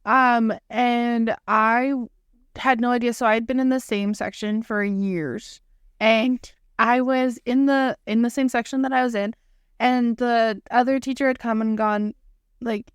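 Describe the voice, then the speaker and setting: A woman's voice: on the high side, steady tone, measured pace, clean tone, dry recording, studio quality. A woman co-hosting a podcast in casual chat, rambling through a story with lots of "like". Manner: rambling, heavy use of "like". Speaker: podcast co-host.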